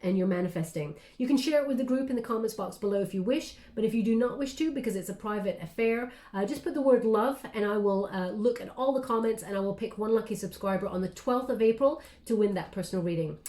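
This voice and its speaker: A woman with a soft, mellow voice gives a casual tarot reading. She is chatty and encouraging, and keeps checking in with her listener. The sound carries a roomy echo. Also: medium pitch, fast talker, hardly any pauses. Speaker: tarot card reader.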